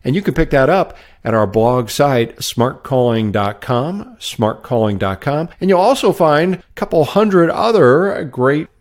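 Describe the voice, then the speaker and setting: Animated man hosting a sales podcast. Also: medium pitch, measured pace, few pauses. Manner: animated, upbeat, coaching tone. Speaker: sales trainer and podcast host. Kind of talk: solo podcast teaching.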